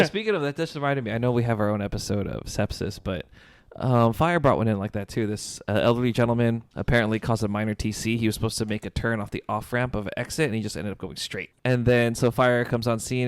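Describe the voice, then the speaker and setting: Fast-talking low-voiced paramedic man. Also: clean tone, dry recording. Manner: fast, detailed case recounting. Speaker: podcast co-host, paramedic. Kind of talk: casual chat.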